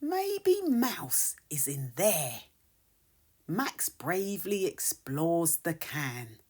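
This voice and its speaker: A woman reading a children's picture book aloud in a soft, whispery storytelling voice. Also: fairly low pitch, very animated, very slow, slight background noise. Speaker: storybook reader.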